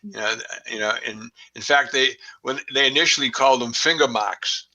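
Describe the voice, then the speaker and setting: A man's voice: mid-range voice, fairly even intonation, a little fast, sharp tone, rough recording. A man with a Boston accent, a forensics expert guest, talking casually with many fillers and restarts. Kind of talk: casual conversation.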